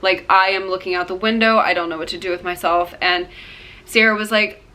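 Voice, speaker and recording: A young woman with a bright, clear-toned voice tells a personal story straight to the camera. She rambles and leans on "like" and "um". She acts out the other people's lines as she goes. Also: fairly low pitch, fairly even intonation, fairly quick. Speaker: vlogger.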